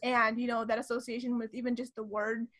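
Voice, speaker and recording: High-voiced young woman, rambling chat. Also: level tone, fairly quick, fairly bright tone, no echo. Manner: rambling with many "like" fillers. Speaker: guest, daughter of co-guest. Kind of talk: casual chat.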